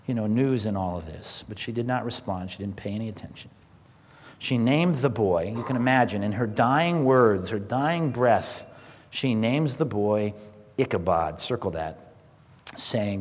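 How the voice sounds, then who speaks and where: A man delivers a sermon in an animated storytelling style and dramatizes the people in the passage. His voice sits at an ordinary middle pitch. He sometimes drops to a hushed whisper for emphasis, and a long reverb from the church hall trails behind every word. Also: moderate pace. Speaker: pastor.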